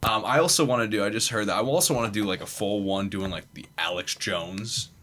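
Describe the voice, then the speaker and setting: A man's voice: fairly low pitch, brisk, fairly bright tone, a little hiss or hum. A young man hosting a casual podcast chat, loose and profane, laughing often and slipping into put-on voices. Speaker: podcast host.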